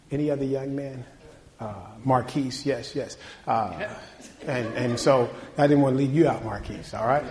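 A gravelly-voiced pastor preaches a folksy, conversational sermon. He swings between loud, high exhortation and quiet, low talk.

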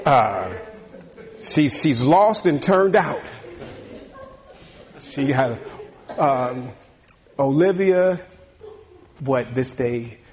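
A man, a pastor, preaching a sermon in a conversational way, laughing often and building to emphatic bursts. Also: mid-range voice.

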